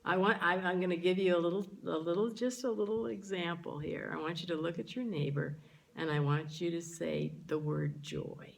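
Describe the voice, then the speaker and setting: A woman's voice: lowish voice, fairly even intonation, normal speed, gravelly. A woman minister delivering a sermon in a church, speaking to the congregation and drawing out key words for emphasis. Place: church sanctuary.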